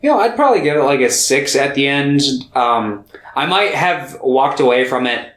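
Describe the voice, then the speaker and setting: Relaxed young male co-host, mid pitch, roomy sound. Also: normal speed. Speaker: podcast co-host. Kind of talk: casual film review chat.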